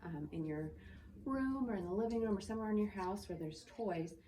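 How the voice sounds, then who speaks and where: A woman teacher leading a cheerful, gentle morning meeting for young children in a virtual class, indoors. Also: medium pitch, lively intonation, far from the mic, slight background noise. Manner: gentle, cheerful, talking slowly to little kids.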